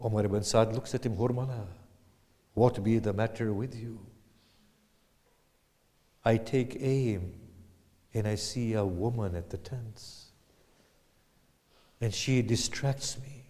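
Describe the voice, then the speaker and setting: A man giving a sermon, retelling a tragic story slowly, swinging from hushed whispers to loud anguished cries. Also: lowish voice, in a large hall. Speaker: lecturer.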